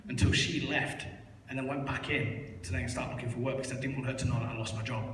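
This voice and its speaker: In a large church hall, a young man gives his personal testimony, telling his life story candidly and poking fun at himself with plenty of fillers. His mid-range voice is fast and fairly bright, with fairly even intonation. The hall is echoey, he sounds far off, and there's slight background noise.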